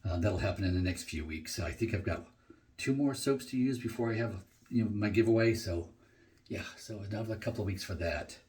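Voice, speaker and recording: Chatty middle-aged man, lowish voice. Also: brisk. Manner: relaxed and chatty, many fillers like "alrighty". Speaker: shaving vlogger. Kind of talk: casual shave-review chat. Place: home bathroom.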